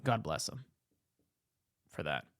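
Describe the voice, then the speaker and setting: A man hosting a show, giving comedic, casual commentary with excitable, jokey riffing. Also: very deep voice, slow pace, dry recording, studio quality. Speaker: host.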